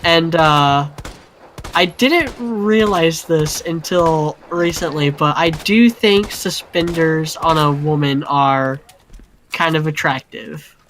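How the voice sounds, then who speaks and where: A man's voice: a little high, slow pace, fairly bright tone, slight background noise. A man chatting on a gaming stream, hesitant and stammering as he speaks. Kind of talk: casual chat.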